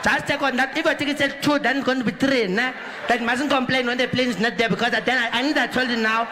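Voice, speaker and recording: A comedian voicing a loud, rambling South African woman making airport announcements. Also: very high-pitched, fairly even intonation, quick pace, voice pushed up. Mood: shouty. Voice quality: shouty, rambling, unbothered. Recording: live stand-up with loud audience and noise.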